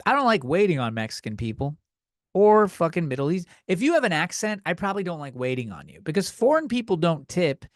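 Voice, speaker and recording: Male podcast host for a comedy rant: exasperated and profane, somewhat high voice, dry studio mic. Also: sing-song, fairly quick, no echo. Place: video podcast recording. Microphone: studio microphone.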